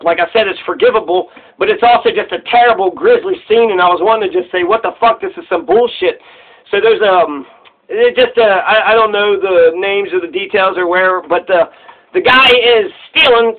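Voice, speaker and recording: A man giving a rambling, profane casual monologue on recent news, often restarting his thoughts. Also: sits high. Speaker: commentator. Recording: tinny phone-like recording.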